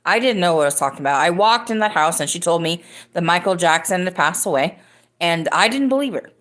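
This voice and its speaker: Podcast host, woman in her thirties, rambling casual storyteller with a lower voice. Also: a bit bright. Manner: rambling, many fillers and restarts.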